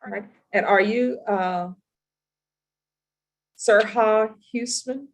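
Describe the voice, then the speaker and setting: A woman with a mid-range voice presides as a judge in a courtroom. She questions people formally and deliberately, with a stern edge. Her phrasing is measured and firm. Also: medium pitch, poor audio. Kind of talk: courtroom plea hearing.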